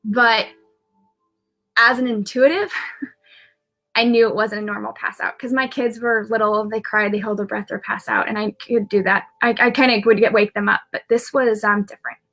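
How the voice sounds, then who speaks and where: Bright-voiced woman rambling through a story. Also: a little high, steady tone, moderate pace. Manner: rambling, restarts often, many fillers. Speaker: intuitive medium. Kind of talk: personal storytelling on a live video.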